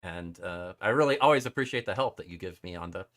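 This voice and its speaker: Man, show host, casual live chat, lively swooping pitch, laughs and stumbles over words. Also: fast.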